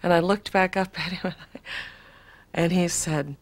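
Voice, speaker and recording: A woman's voice: lowish voice, fairly even intonation, a little slow, long pauses. A woman in an archive interview, telling her story with breathless wonder.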